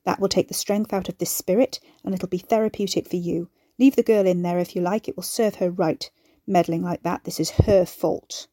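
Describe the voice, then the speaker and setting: A woman voicing a domineering older mother with a raspy voice who speaks in hard, cold, commanding tones. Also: on the low side, steady tone, a little fast, warm tone, no echo, studio quality, natural voice.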